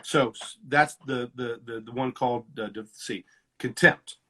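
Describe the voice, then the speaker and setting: Husky man counseling in lively talk. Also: medium pitch, measured pace. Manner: animated, acts out quoted lines with shifts in loudness. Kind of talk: teaching conversation.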